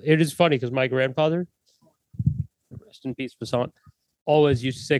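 A man's voice: medium pitch, fairly even intonation, fairly quick, long pauses, a little mellow, no echo. A young man co-hosting a podcast, telling rambling stories in a laid-back way. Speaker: podcast co-host. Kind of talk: casual chat.

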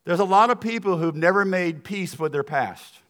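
A man's voice: high voice, expressive, normal speed, fairly bright tone. A middle-aged man from the American South with a Southern accent, giving a sermon as a guest speaker in a church, folksy and earnest, telling stories with asides to the congregation. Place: church sanctuary.

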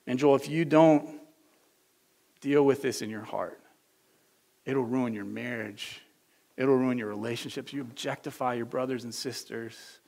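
Male preacher voicing a soft, low, near-whispered God voice with patient, earnest pleading. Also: unhurried, long pauses, lightly acted. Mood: tender. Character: gentle, tender male voice of God, pleading softly.

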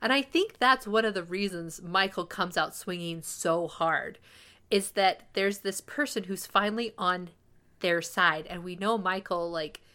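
A woman's voice: on the low side, unhurried, a bit bright. A woman co-hosting a podcast, chatting casually about a TV episode with many fillers and asides. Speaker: podcast co-host. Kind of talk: casual TV recap chat.

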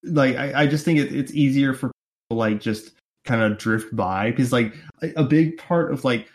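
Male co-host, casual chat, hesitant and filler-heavy, middle pitch. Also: moderate pace. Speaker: podcast co-host. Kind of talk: casual political podcast chat.

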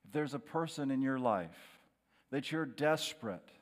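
A middle-aged man preaching a sermon as a pastor, dramatic, dropping to a hushed, slow voice on key words. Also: medium pitch, lively intonation. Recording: long hall reverb.

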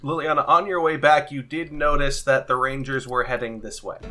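Male game master, bright tone, relaxed, quick laughs, music bed faint. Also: mid-range voice. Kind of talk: narrating a tabletop game.

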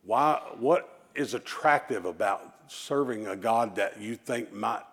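A man's voice: lowish voice, measured pace, gravelly, fairly bright tone, husky. A male pastor preaching a sermon in an emphatic style, leading the congregation in call-and-response and shifting into folksy, conversational asides.

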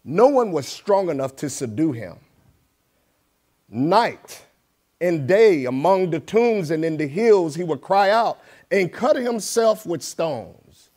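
A man's voice: a little high, sing-song, takes it slowly, darkish tone. A middle-aged man, a guest preacher, speaking in a church in a plain, conversational way that grows more emphatic as he reads scripture. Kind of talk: sermon with prayer and scripture reading. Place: church sanctuary.

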